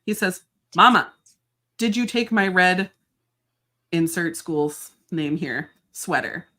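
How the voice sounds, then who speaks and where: Low-voiced laughing woman guest. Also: slow, a bit bright. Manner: laughing, storytelling, playful. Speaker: podcast guest. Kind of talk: casual chat.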